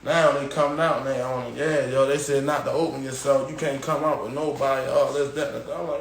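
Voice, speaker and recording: A man casually telling a long story on a live stream, dropping "yo" and "boom" as he goes and acting out the voices of others. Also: fairly quick, few pauses, reverberant. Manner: animated retelling, acting out quoted guards and inmates with raised pitch; slangy, repeats "yo" and "boom". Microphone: phone.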